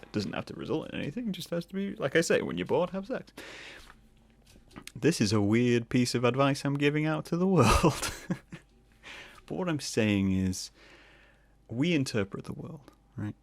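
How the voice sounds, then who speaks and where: A man talks through a solo podcast episode, rambling from thought to thought and joking along the way. His voice has a gravelly, fry-tinged edge, and he sits right on a close mic in a dry, dead room. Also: lowish voice, animated, darkish tone, dry recording. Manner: rambling, jokey, breaks into quick put-on voices. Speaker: podcast host.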